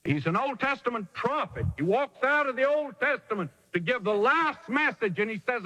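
A man's voice: extremely high pitch, very animated, moderate pace, hardly any pauses, sharp tone. Guy preaching hard, lots of swoops up and down, echoey hall. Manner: emphatic, dramatic preaching with sudden swings. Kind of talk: sermon.

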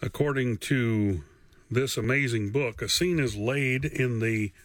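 A man teaching a radio Bible lesson, slow and deliberate with long pauses. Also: medium pitch, no room sound.

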